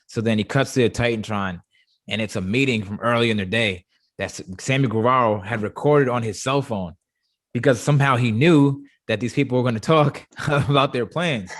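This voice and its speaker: A man hosting a casual review chat, stumbling and repeating words when he gets excited. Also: medium pitch, normal speed. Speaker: show host.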